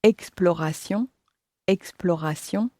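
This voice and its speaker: A woman with a French accent slowly and carefully pronouncing each word twice as a model for learners. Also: fairly low pitch, mellow, dry recording, studio quality. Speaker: native French model speaker. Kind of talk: scripted pronunciation model.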